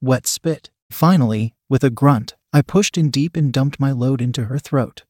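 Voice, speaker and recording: A man's voice: mid-range voice, normal speed, darkish tone, no echo, clean studio sound. Man reading a first-person adult story. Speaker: narrator.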